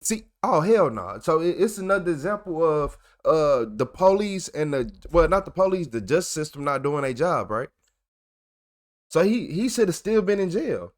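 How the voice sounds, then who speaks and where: A man's voice: a little high, big pitch swings, moderate pace. A man giving profane, ranting reaction commentary as the channel host.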